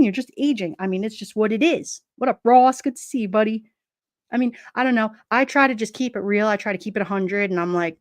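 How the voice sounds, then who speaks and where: A woman's voice: medium pitch, brisk, dry recording, clean studio sound. A middle-aged woman with a New York accent chatting casually to her livestream, blunt and streetwise, often breaking into laughs. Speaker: livestream host. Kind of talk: casual live-chat talk.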